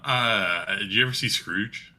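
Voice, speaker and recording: A man's voice: on the low side, unhurried, sharp tone. A man co-hosting a podcast, dropping short casual remarks into the conversation. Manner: brief interjections. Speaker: podcast co-host. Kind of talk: casual chat.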